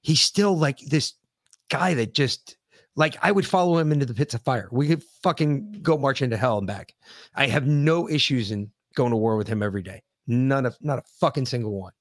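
Grieving man, halting and profane. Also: mid-range voice, no room sound, clean studio sound. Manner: halting, profane, emotional speech with many restarts. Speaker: podcast co-host. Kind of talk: casual podcast talk.

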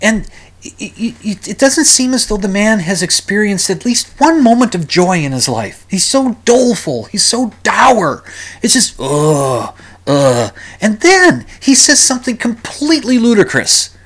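A man's voice: high voice, very animated, unhurried, a bit bright. Rambling, ranting male podcast host. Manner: rambling, ranting, frequent restarts and sighs. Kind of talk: solo podcast monologue.

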